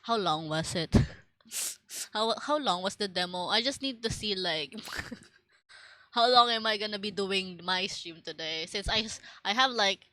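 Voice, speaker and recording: A woman's voice: mid-range voice, expressive, measured pace, pushed and bright, no room sound, poor audio. A young Filipino woman streamer with a Filipino accent, chatting casually and rambling with lots of fillers and restarts. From Philippines.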